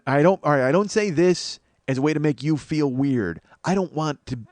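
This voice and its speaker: A man's voice: fairly high pitch, normal speed, darkish tone, no echo. A sleep-deprived man hosting a comedy podcast, rambling in a self-deprecating monologue full of swearing and restarts. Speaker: podcast host.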